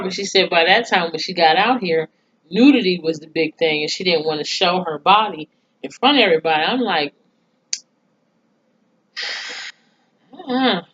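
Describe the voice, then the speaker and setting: A woman's voice: lowish voice, a bit bright, slightly rough. A woman reviewing a TV episode in a casual recap, blunt and profane, often laughing as she talks. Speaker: TV show reviewer. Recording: dull lo-fi sound.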